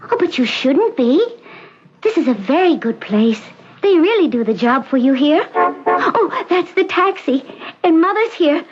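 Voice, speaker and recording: An actress voicing a lonely, frightened young woman patient who pleads in a high, trembling voice, in 1970s radio drama acting. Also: big pitch swings, unhurried, faint music behind, full character voice. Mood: bright eager. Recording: dull old radio recording, faint hiss.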